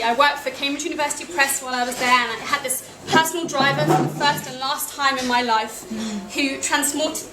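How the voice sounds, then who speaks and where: A young British woman from England telling a wry, self-deprecating personal travel story to a live audience. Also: sits high. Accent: British English. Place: cafe event room. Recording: echoey cafe with noisy ambience.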